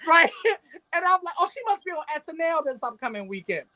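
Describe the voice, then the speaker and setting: A woman co-hosting a casual chat show, telling stories in an animated way and laughing often. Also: very high voice, fairly quick. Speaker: podcast co-host.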